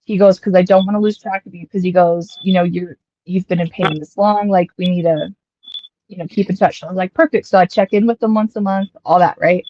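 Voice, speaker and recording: A woman's voice: lowish voice, a little fast, dry recording, highs cut off. Chatty young woman telling a long story. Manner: chatty, rambling, quotes others in lively asides. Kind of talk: casual storytelling chat.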